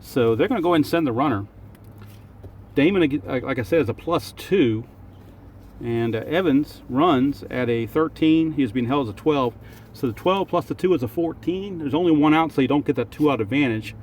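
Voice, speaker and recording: A man's voice: medium pitch, moderate pace, darkish tone, slight background noise. A man calling play-by-play for a tabletop baseball game outdoors and thinking aloud over each roll. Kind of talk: play-by-play commentary of a dice game.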